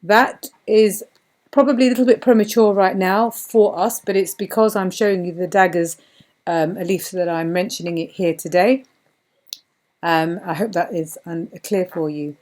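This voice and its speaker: A woman teaching Quran reading step by step, patient and repeating words slowly with many fillers. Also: on the low side, steady tone, a little mellow.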